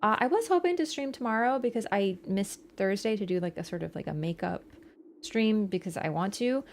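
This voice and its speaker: A woman's voice: medium pitch, expressive, fairly quick. A young woman with a mid-range voice chats loosely as she signs off a game stream. She rambles, restarts and swears casually. A faint hiss of noise sits underneath her. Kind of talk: casual livestream sign-off chat.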